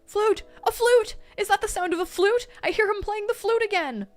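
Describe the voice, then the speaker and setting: A woman voicing a terrified, whiny young nobleman who shrieks and pleads. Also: moderate pace. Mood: panicked. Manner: shrill, frantic screaming. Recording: faint music behind.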